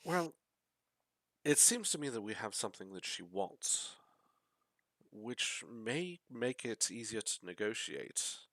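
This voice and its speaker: Guy player, lowish voice, calm and measured, dry sound. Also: no echo. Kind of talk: tabletop game play.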